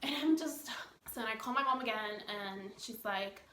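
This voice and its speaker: A young woman vlogger tells a story straight to camera, voicing each person she quotes. Her voice sits a little high and bounces around, with "like" filling her sentences. The room gives her voice a noticeable echo. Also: normal speed, a little hiss or hum. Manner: animated retelling, acting out quoted people, many "like" fillers. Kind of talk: storytime vlog. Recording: echoey room.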